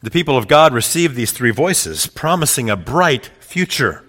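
Man preaching a sermon, bright voice. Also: medium pitch, big pitch swings, moderate pace. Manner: builds to loud climaxes quoting speeches; drops quiet and reflective between points. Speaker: pastor.

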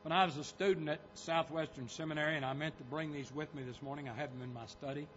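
A man's voice: a little high, steady tone, quick pace, a bit bright, dull audio, a little hiss or hum. A man preaching a sermon, pressing hard on quoted scripture as he reads it. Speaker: pastor.

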